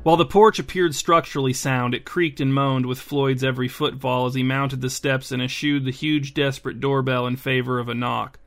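A man hosting a podcast and reading a bedtime story in a calm, even narration. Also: mid-range voice, brisk, hardly any pauses, faint music behind.

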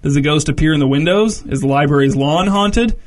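A man's voice: a little high, fairly quick, close to an everyday voice. A man reading the lines of a smug, demanding young male metalhead in a story.

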